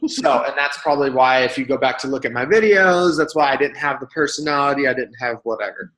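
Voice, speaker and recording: A man speaking as a guest, telling stories in a casual, animated way and acting out other people's lines. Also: medium pitch, quick pace. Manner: animated, acts out quoted voices. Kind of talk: casual storytelling. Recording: roomy echo.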